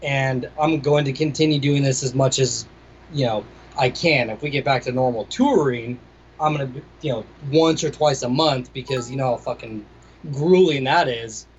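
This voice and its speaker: A man's voice: mid-range voice, normal speed, slight background noise. Laid-back swearing man on a call. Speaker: DJ and music producer, guest. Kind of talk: casual interview chat. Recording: slightly dull lo-fi audio.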